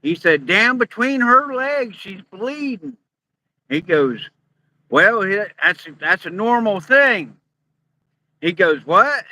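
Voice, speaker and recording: A man telling a long joke in an earnest, deadpan drawl. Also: sits high, slow pace, poor audio.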